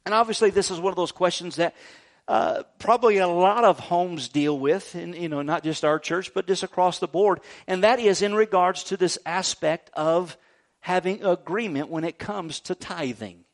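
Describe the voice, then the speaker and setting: A middle-aged male pastor giving a sermon in an animated, jokey way, often checking in with "right?". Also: high voice, moderate pace. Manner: animated, jokey preaching with frequent "right?" asides.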